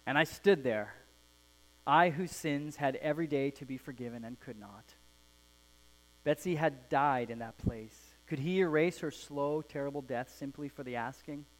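A man preaching a sermon as pastor of a church, reading a story aloud and explaining it in an earnest way that softens at the ends of phrases. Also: medium pitch, poor audio.

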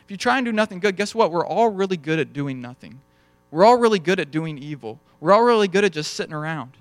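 A man's voice: high voice, lively intonation, fast, no room sound. Dry, conversational young male pastor. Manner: conversational storytelling, acts out dialogue. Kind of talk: sermon.

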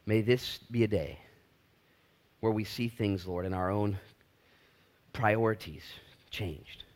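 A male pastor giving a casual, animated sermon with prayer, swinging between loud excitement and hushed emphasis and using laid-back slang. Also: fairly low pitch, slow.

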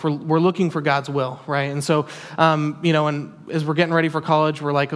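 A man's voice: a little high, little pitch movement, brisk, few pauses. A man preaching a sermon in an earnest, emphatic way, repeating key phrases for weight. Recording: long hall reverb.

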